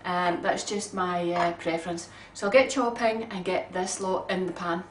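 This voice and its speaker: A woman's voice: on the low side, fairly even intonation, normal speed, slight background noise. A woman talks through a recipe in her home kitchen, casual and homely, with plenty of ums. The sound is roomy and comes from a distant mic, with faint ambience behind her. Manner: chatty, homely, many ums. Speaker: home cook. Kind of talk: casual cooking demonstration.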